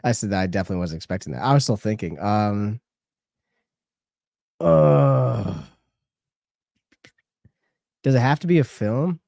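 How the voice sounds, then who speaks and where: A man's voice: fairly low pitch, lively intonation, quick pace, few pauses, darkish tone, dry recording, studio quality. A young man co-hosting a live stream, chatting casually, rambling, laughing a lot and swearing offhand. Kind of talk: casual chat.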